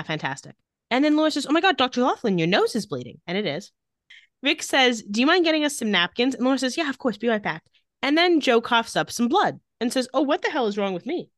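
A woman co-hosting a casual recap podcast who retells each scene with dry, sarcastic asides. Her pitch rises and falls a great deal as she reads the lines. The recording is dry and close to the mic. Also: fairly bright tone, dry recording. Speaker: podcast co-host recapping a TV episode. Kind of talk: casual chat.

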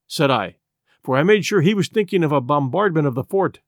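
A man's voice: fairly high pitch, big pitch swings, brisk, no echo. Man narrating a classic novel, dry. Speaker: audiobook reader. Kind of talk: scripted narration.

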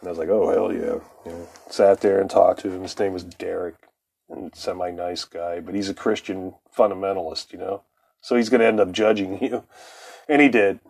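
A man's voice: low-pitched, steady tone, brisk, a little mellow, husky. A man telling a rambling, profane personal story in a casual way, often laughing between lines.

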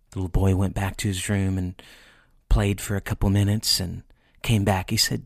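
A low-voiced man hosting a podcast, telling stories in an earnest, emphatic way. His voice has a gravelly grain. It sounds dry and close, with faint music underneath. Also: fairly even intonation, normal speed, no room sound. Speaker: podcast host. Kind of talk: inspirational storytelling.

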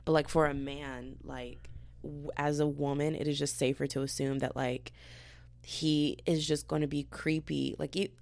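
A young woman in her twenties rants on her podcast in a low, gravelly voice with plenty of vocal fry. She rambles from story to story and keeps leaping up into high, mocking voices when quoting people. She sounds tired but wired, and the sound is dry and close. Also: moderate pace, no room sound. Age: 20s. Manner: animated, rambling, jumps into high-pitched quoted voices. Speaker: podcast host. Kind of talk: casual ranting monologue.

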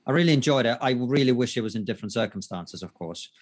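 A male guest on a podcast speaks frankly and with confidence, swearing now and then in relaxed conversation. His voice sits at a middling pitch for a man. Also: quick pace. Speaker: guest co-host, comedian and commentator. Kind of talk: casual chat.

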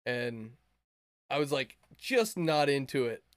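A man's voice: mid-range voice, very animated, slow, no room sound, studio quality. A young man chatting on a podcast, telling a crude, rambling story with lots of fillers and laughs. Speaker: podcast co-host. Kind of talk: casual podcast chat.

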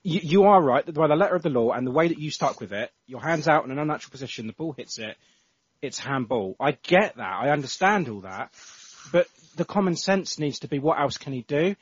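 A man's voice: a little high, expressive, a little fast, slightly rough, no room sound. A man co-hosting a casual football podcast, ranting in exasperation and swearing often. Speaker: podcast co-host. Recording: dull lo-fi podcast audio.

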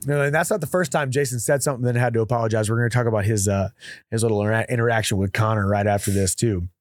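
A man's voice: rapid-fire, no echo. Man breaking down fight footage. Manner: animated play-by-play with "boom" exclamations. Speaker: coach and show host. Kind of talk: casual fight breakdown chat.

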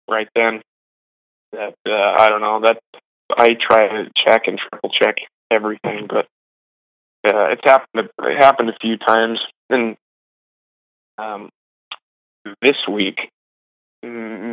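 Low-voiced young man telling caddie stories. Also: a bit bright, no echo, rough recording. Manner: rambling, self-deprecating, quick asides. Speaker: golf caddie being interviewed. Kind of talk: casual storytelling.

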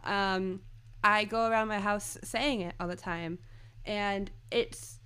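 Bright, giggly woman podcaster. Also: medium pitch, fairly even intonation, slow, smooth. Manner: giggly, gushing, quotes lines from the show. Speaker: podcast co-host. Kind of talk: casual podcast chat.

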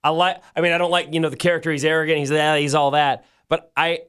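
A man co-hosting a show, chatting excitedly and casually, with frequent restarts. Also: on the high side, fast talker, clear, resonant tone. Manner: excitable, animated, restarts often. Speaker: radio show co-host. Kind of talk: casual chat.

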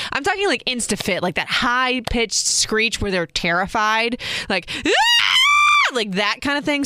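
Chatty woman podcaster, bright crisp voice. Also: mid-range voice, no echo, studio quality. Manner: chatty, rambling storytelling with many restarts. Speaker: podcast host. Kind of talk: casual solo podcast.

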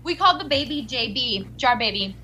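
A woman's voice: a little high, fairly quick. A woman guest on a casual podcast, tossing in short playful quips. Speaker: podcast guest, cast member. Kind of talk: casual chat. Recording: lively crowd behind her.

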